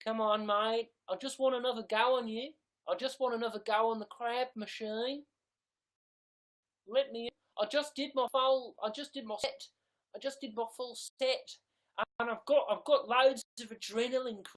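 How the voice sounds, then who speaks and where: A man's voice: very high voice, pitched above the performer's own voice. A man doing an impression of a drunk young male pop star, begging to be let in. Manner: slurring, wheedling, excitable.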